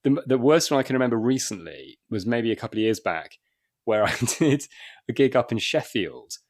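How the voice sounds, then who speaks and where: A man's voice: medium pitch, sing-song, a little fast. A man in his forties from Wakefield in England, a comedian telling rambling anecdotes in a casual podcast chat, with frequent restarts and chuckles. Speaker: guest comedian.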